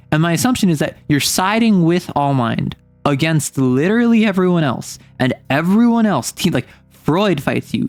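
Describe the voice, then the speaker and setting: A woman's voice: low voice, no echo. A young adult woman streaming a game, chatting casually and joking with mock indignation.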